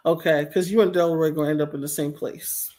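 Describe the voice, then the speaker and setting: A woman's voice: deep voice, fairly even intonation, a little fast, warm tone, a little hiss or hum. A woman hosting a livestream, reading out chat comments and giving casual commentary, blunt and exasperated, and she swears freely. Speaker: livestream host. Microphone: home streaming mic.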